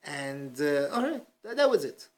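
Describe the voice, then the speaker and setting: A man's voice: fairly high pitch, big pitch swings, normal speed. A man teaching a casual Talmud class, telling a story with many fillers and restarts and acting out the quotes. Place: study hall class.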